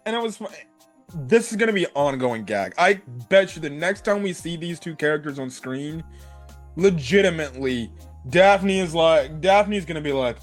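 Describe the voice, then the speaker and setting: A young man giving a casual, excitable anime review, laughing and using slang as he retells scenes. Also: fairly high pitch, moderate pace, soft background music.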